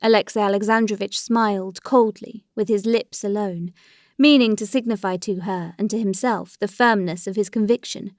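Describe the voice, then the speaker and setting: A woman's voice: mid-range voice, fairly even intonation, normal speed, no room sound, studio quality. Woman narrating a classic novel. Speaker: audiobook narrator.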